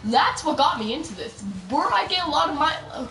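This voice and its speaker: Young female streamer, animated chatter with shouted outbursts, mic set back, noisy backdrop. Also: sits high, brisk, creaky. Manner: chatty storytelling, bursts of excited shouting at the game. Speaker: gaming streamer. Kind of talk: casual live-stream chatter while gaming. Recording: roomy echo, mic at a distance, loud background noise.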